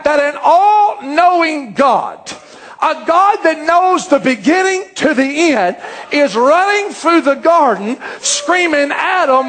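A man preaching a fervent sermon, often rising to shouts. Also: very high voice.

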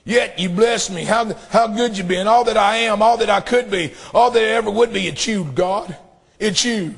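A man preaching and praying a fervent sermon to his church, shouting in bursts and drawing out emphatic phrases. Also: sits high, normal speed, creaky, breathy edge. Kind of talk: impassioned sermon and prayer.

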